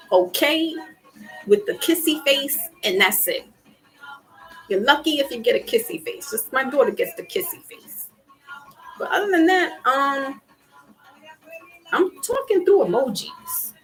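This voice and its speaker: A woman's voice: high voice, sing-song, normal speed, pauses often, soft background music, low-quality recording. A middle-aged woman hosting a casual livestream chat, laughing often and acting out quotes in her stories. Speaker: livestream host. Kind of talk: casual chat with live viewers.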